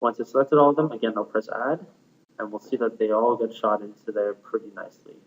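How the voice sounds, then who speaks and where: Man talking through software steps, tinny audio. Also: on the low side, quick pace, a little hiss or hum. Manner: plain, step-by-step with frequent fillers. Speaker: software tutorial presenter. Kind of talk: screencast software walkthrough.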